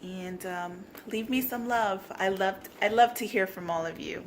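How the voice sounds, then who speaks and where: A woman vlogging a casual craft tutorial, gushing and bubbly, at times dropping to soft whispers. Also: medium pitch, unhurried, slight background noise.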